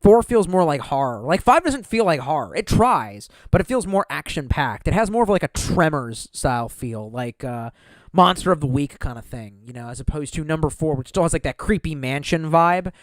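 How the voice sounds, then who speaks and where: Answering his livestream chat, a man speaks at normal speed in a slightly high, animated voice, with no room sound. His speech is profane and meandering, now and then fading into a mumble.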